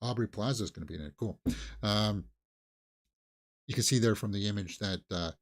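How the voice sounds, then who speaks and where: A man hosting a movie news channel, chatting casually and rambling with mocking asides and quick put-on quotes. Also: on the low side. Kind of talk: casual solo commentary.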